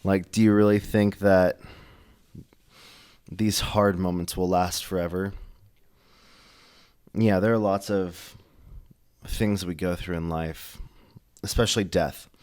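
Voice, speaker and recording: Very deep-voiced slow-talking young man. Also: fairly even intonation, a little mellow, clean tone. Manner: halting, thoughtful, with many fillers and restarts. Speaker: podcast co-host. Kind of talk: casual faith discussion.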